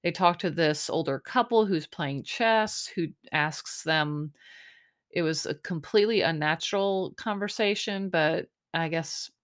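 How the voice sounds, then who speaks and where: A woman's voice: on the low side, measured pace. Chatty, sarcastic woman recapping. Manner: chatty, sarcastic, lots of fillers. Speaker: show recap host. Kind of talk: casual recap monologue.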